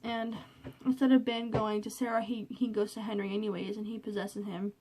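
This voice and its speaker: A woman's voice: medium pitch, little pitch movement, a little fast, warm tone, breathy edge. A woman vlogging alone in her bedroom into a cell phone, chatty and rambling with lots of fillers, a little nervous. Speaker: vlogger reviewing a movie. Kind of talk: casual chat.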